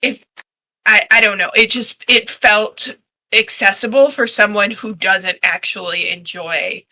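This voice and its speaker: A woman's voice: mid-range voice, a little slow, bright, forceful tone, low-quality recording. A woman co-hosting a casual book podcast, candid and a little hesitant as she gives her take. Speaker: podcast co-host. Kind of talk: casual book-club chat.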